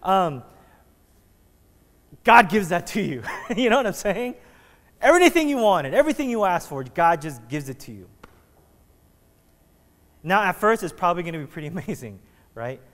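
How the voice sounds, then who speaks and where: A man's voice: high-pitched, big pitch swings, moderate pace, pauses often, fairly bright tone. A man preaching a sermon as pastor, in a casual, joking, conversational way that keeps restarting his sentences. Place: church sanctuary. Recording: long reverb of a church hall.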